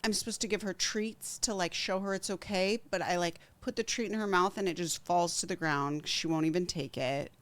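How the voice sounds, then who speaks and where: A woman co-hosting a comedic chat show, speaking calmly and evenly with a dry humor. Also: on the low side, moderate pace, few pauses. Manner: calm, even-keeled, dry. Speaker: podcast co-host.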